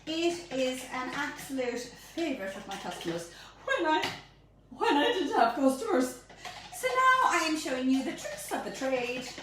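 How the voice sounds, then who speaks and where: A woman's voice: sits high, very animated, normal speed. A woman hosting her own baking show, chatting playfully through a recipe and often tripping over her words. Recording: very echoey room, mic at a distance, faint noise.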